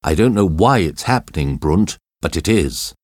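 A man voicing a calm, stern male airline captain in an audiobook story, giving firm orders. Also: deep voice, normal speed, no echo, clean studio sound. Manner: firm, commanding.

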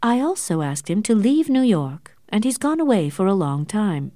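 A woman's voice: big pitch swings, normal speed, mellow, dry recording, studio quality, close to an everyday voice. A woman voicing a hurt, proud young woman. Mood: resolute. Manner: earnest and strained, higher than the narration. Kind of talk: audiobook character reading.

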